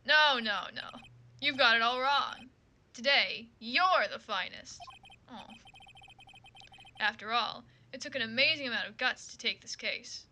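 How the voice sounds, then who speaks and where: A woman voicing a smug, flirtatious male lawyer in a game who talks in a smooth, teasing, self-assured way. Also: on the high side, a little slow, sharp tone.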